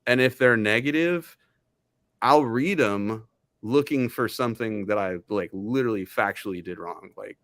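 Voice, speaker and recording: A man who is the guest, telling animated stories in casual chat and laughing at himself often. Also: on the low side, moderate pace, no room sound.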